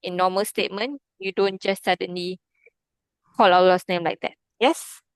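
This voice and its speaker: A woman's voice: mid-range voice, steady tone, moderate pace, no echo. A woman teaching an Arabic grammar lesson online, patiently checking in with her student by asking "okay?" and "right?".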